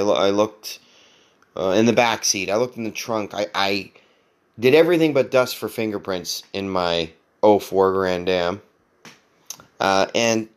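A man hosting a podcast, telling a long story casually, with lots of swearing, restarts and laughter. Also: fairly low pitch. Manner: rambling, profane, self-mocking, laughs often. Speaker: podcast host.

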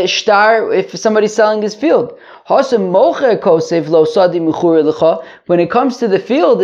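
A man with a high voice gives a daily Talmud lesson, explaining step by step and repeating phrases alongside rhetorical questions. The sound is lo-fi.

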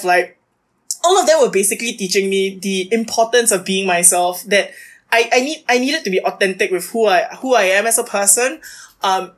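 Young woman gabbing on a podcast, animated, tons of likes. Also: medium pitch. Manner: chatty and animated, many "like" fillers. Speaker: podcast guest, university debater. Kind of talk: casual interview chat.

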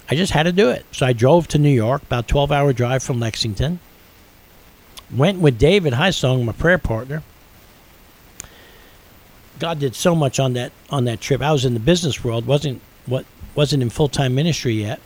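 A man's voice: mid-range voice, rough recording. A middle-aged man hosting a radio show, earnestly telling a personal faith story with building intensity.

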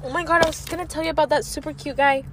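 A woman's voice: sits high, fairly even intonation, very fast, a bit bright, slight background noise. A young woman in a car chatting with a friend, swearing and drawling her complaints. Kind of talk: casual chat. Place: inside a car.

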